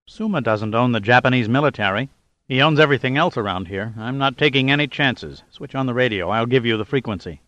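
A man's voice: medium pitch, lively intonation, brisk, a bit bright, no room sound, dull audio, natural voice. A man reading a wry male adventurer hero with dry wisecracks.

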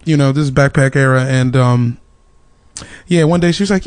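A man's voice: mid-range voice, normal speed, darkish tone, smooth, no echo. A male stand-up comedian in casual chat, telling stories in a loose, slangy way.

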